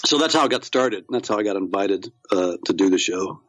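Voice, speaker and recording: A man's voice: low-pitched, animated, brisk, fairly bright tone, dry recording, rough recording. A man, an actor, chatting as a podcast guest, rambling with many fillers and restarts. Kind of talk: casual interview chat.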